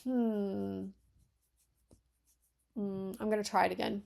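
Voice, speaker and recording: Gravelly-voiced woman reading and critiquing. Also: mid-range voice, steady tone, normal speed, darkish tone. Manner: thinks aloud with frequent self-corrections. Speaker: beta reader. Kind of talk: reading aloud and critiquing a manuscript.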